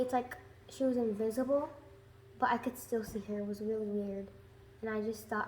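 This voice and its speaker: A woman giving a hesitant personal testimony, halting with many fillers as she recounts what happened. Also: on the high side. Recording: roomy echo with faint noise.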